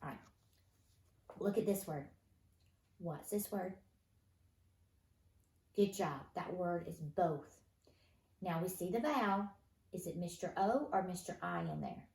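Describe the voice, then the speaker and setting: A woman's voice: lowish voice, sing-song, measured pace, long pauses, a little mellow. A woman teaching a phonics lesson to first graders, patient and encouraging, answering the children's imagined replies. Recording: echoey room with faint noise.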